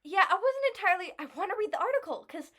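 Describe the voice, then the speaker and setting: A young woman co-hosting a casual podcast, chatty and quick to laugh while reading old headlines. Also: very high voice, animated, a bit bright. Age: young adult. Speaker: podcast co-host.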